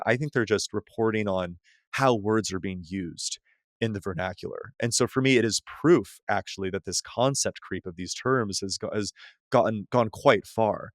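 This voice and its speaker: Man, low voice, therapist guest, rambling podcast chat, many restarts, dry close sound. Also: no room sound. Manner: loose and rambling, heavy use of "like" and restarts, laughs easily. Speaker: psychotherapist guest. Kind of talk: podcast conversation.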